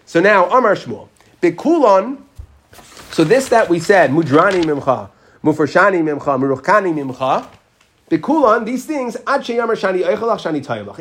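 In a Talmud lesson, a man asks questions as he guides students through the text, repeating Hebrew phrases with a chanting rhythm. His voice sits high.

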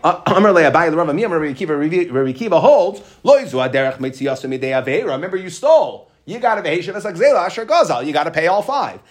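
Man teaching a Talmud lesson, higher voice. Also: very animated, very fast, hardly any pauses. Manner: explanatory, checks in with "right?"; mixes English with Hebrew and Aramaic terms.

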